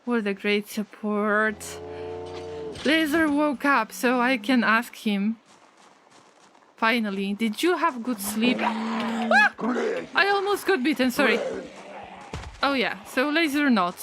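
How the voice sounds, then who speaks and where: A woman's voice: on the high side, lively intonation, slow pace, pauses often, noisy background. A woman streaming a survival game in casual chat, reacting aloud, laughing often and mooing at the cows. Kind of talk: casual live-stream commentary.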